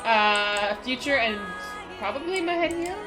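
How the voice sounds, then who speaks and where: Excitable young woman streamer. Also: a little high, unhurried. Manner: excitable, emotional, swears, talks to chat. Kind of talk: casual live-stream gaming chat. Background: game music.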